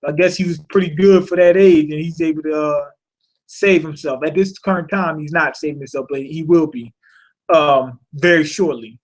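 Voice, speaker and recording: A man's voice: on the high side, fairly even intonation, moderate pace. A man giving a casual, profane recap of a comic chapter, rambling and laughing as he swears his way through the plot. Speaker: manga reviewer.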